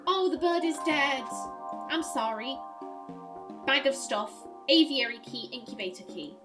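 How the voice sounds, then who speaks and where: A woman's voice: sits high, expressive, measured pace, over music. A woman hosting a puzzle game let's play, reading clues aloud and musing as she works them out, laughing easily.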